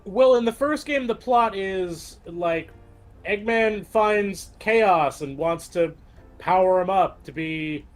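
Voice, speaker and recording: A man's voice: sits high, slow, soft background music. A man in casual chat on an art stream, rambling and hesitant with many fillers.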